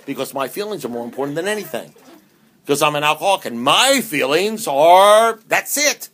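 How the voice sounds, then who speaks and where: Man, recovery meeting talk, slightly high voice, emphatic, humorous, restarts often. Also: very animated, fairly quick, a bit bright. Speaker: AA speaker.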